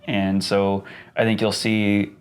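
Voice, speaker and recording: A man's voice: lowish voice, flat delivery, slow pace. A man co-hosting a podcast in casual chat, thoughtful and rambling, often restarting his sentences. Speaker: podcast co-host.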